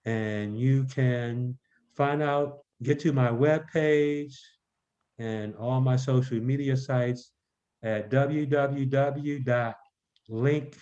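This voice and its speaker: A man from Baltimore talks as a guest on a podcast, measured and deliberate. His voice is mellow and dark, and the recording sounds dull and lo-fi. His pitch sits in the middle. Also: fairly even intonation. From Baltimore, Maryland. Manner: measured, spells out web addresses slowly. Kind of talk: podcast interview. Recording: dull lo-fi audio.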